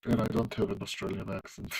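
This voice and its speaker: Streaming himself coding, this man chats loosely with viewers, full of ums and restarts, in a non-native English accent closer to American. He speaks a little fast with a fairly low, flat, slightly rough voice. Audio quality is poor.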